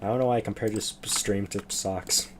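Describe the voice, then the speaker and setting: This streamer is a young man talking casually on a livestream who rambles and loses track of what he's saying. His voice sits on the low side with a steady tone, his pace is fairly quick, and there's a bit of background noise.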